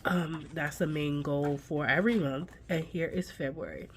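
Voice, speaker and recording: Feeling under the weather, a woman who hosts a budgeting channel talks directly to her viewers in a chatty, folksy way while assembling her budget binder. Her congested voice is low, husky and nasal, at a moderate pace.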